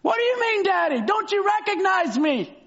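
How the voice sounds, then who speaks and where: An eager young woman reunited with her father, as a preacher puts her on. The voice sits very high and pleads warmly. It comes through a slightly dull recording. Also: big pitch swings, normal speed, exaggerated voice. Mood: pleading.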